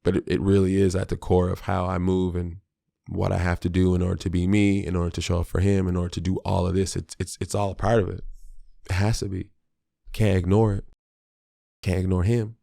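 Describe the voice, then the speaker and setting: Gravelly yet warm, this low-pitched male voice moves fast on a level tone, captured in studio quality with no room sound. The speaker hosts his own podcast as a father of a small child, musing candidly in slang and often restarting what he says in this solo monologue.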